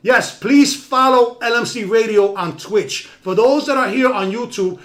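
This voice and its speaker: At a measured pace, the man hosting the live-streamed talk show gives an animated motivational monologue, ranging from loud, emphatic bursts to low, quiet asides.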